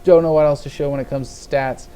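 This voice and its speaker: A man's voice: on the high side, fairly even intonation, fast, warm tone, soft background music. A man hosting a card game video, rambling casually through his deck and gameplay and chuckling at his own slips. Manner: rambling, chatty, laughs at himself. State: yawning, a little tired. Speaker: gaming video host.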